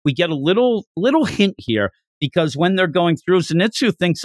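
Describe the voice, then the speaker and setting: Animated man recapping a manga chapter. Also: high-pitched, normal speed, hardly any pauses, no echo, clean studio sound. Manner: animated, laughing, acts out characters' lines. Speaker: podcast host.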